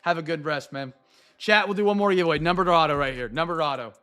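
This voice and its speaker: A young man hosting a live card break, chatting to viewers and going off on excitable, rambling sports rants. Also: on the high side, fast, clean tone, soft background music.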